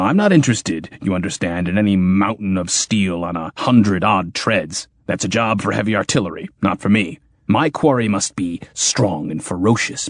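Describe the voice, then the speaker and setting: A booming, menacing tyrant king, grim and exacting, as a man reads him. The voice sits low but swings widely in pitch, with a dry, close sound. He speaks like a storybook ruler who laughs like thunder. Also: husky, dry recording.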